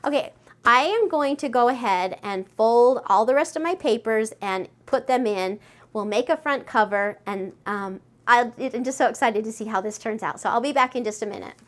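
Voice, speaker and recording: A woman with a slightly high voice walks through a craft project step by step. She talks in a chatty, friendly way and gushes with excitement as she works. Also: moderate pace. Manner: gushing, excitable. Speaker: craft tutorial host.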